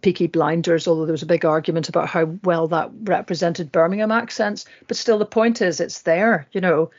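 A co-host in a casual discussion speaks at a middling pitch in a chatty, rambling manner. Quick asides run through the talk. The recording is muffled and lo-fi. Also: fairly even intonation. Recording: muffled lo-fi audio.

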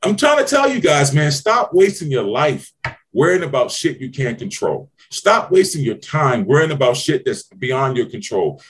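A man's voice: big pitch swings, normal speed. A man hosting a podcast as a business mentor, preaching in an emphatic, profane way with exclaiming questions. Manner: emphatic, preachy, swears freely, swings to high exclaiming questions. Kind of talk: motivational podcast talk.

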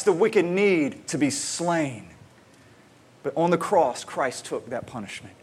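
Guy preaching a sermon, kinda high voice, chatty, stumbles over his words a lot. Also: very animated, slow, darkish tone, slightly rough. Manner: conversational, repeats words when starting sentences. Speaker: pastor.

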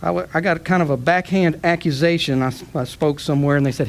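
High-voiced impassioned male preacher. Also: fast talker, creaky, a little hiss or hum. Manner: impassioned, rising to shouts then dropping soft. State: tearful at times. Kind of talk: sermon.

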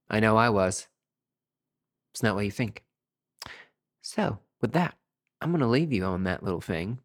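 Brief: man, podcast host, campy swearing storyteller, mid-pitched voice. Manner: campy, chatty, profane, calls listeners sweetie. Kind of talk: casual storytelling monologue.

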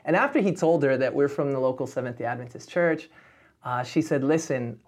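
A man co-hosting a casual chat, speaking earnestly and reflectively, often answering with a soft "mm". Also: mid-range voice, brisk. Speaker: co-host.

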